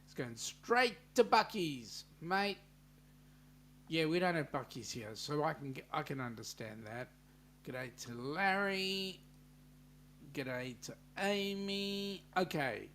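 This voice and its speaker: A man's voice: on the high side, a bit bright. A man with an Australian accent hosting a casual live stream, chatting easily and reading out viewer comments. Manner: chatty, easygoing banter with viewers.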